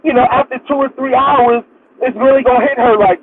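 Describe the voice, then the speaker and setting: A man's voice: very high-pitched, steady tone, brisk, phone-quality sound, crowd noise. A man giving an impassioned, preachy talk full of repeated rhetorical build-ups on a live audio chat.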